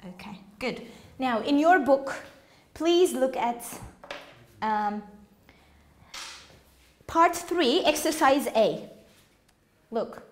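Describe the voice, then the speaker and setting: Woman, English teacher, slow and patient, repeats words, echoey classroom, faint background noise. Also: sits high. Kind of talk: classroom language lesson. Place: classroom with students.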